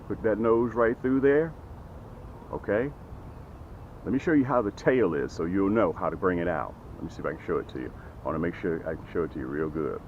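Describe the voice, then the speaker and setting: A man's voice: fairly low pitch, a little mellow, muffled recording, a little hiss or hum. A man giving a casual how-to on fishing tackle outdoors, folksy and checking in with his viewers as he goes. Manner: folksy, keeps checking in with "okay?". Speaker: fishing vlogger. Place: outdoors by the water.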